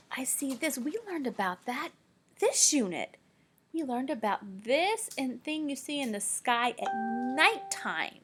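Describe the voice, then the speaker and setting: A woman teacher reading a picture book aloud to children, playful and animated, with dramatic gasps and hushed whispered questions. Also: fairly high pitch, unhurried, slight background noise. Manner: drops to whispers when asking questions.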